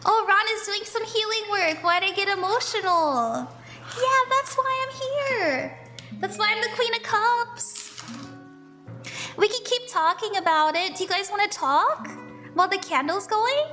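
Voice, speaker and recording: A woman streaming a spellwork session, chatting casually with a giggly, bubbly manner and slipping into soft, slow affirmations. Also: very high voice. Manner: bubbly and giggly, often laughs. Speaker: streamer doing tarot and spellwork. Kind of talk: casual livestream chat.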